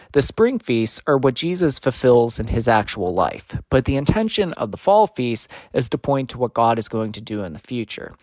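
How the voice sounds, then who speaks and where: A man of medium pitch addresses his viewers in an earnest, explanatory teaching talk. He speaks from a prepared script with an occasional "uh". The sound is dry and close to the mic, with no room echo. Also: darkish tone. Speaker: Christian teacher.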